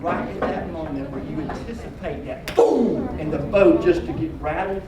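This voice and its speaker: A man's voice: on the high side, normal speed, crowd noise. A man telling humorous hunting stories as a banquet speaker, acting out the voices of the people in them. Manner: animated Southern-style storyteller, acting out voices. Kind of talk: humorous storytelling speech. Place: banquet hall. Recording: echoey hall, from far off, noisy.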